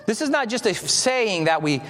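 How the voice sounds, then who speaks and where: Male pastor, high-pitched and very animated, preaching in a church hall with long reverb. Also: normal speed. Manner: animated, stretches key words, shifts into reading scripture. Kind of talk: sermon.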